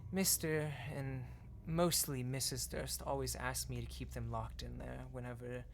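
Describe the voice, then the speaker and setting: A game master voicing a ghostly maid in whispered role-play, hushed, slow and courteous. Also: mid-range voice, little pitch movement, vocal fry, a little hiss or hum. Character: ghostly old-fashioned maid, female, soft and polite.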